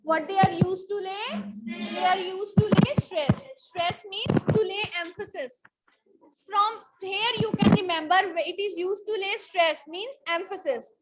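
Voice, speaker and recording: A woman's voice: very high voice, unhurried, heavy background noise. A woman teacher giving a grammar lesson in a school classroom. She asks a question, answers it, and repeats it as a drill, calling on students by name.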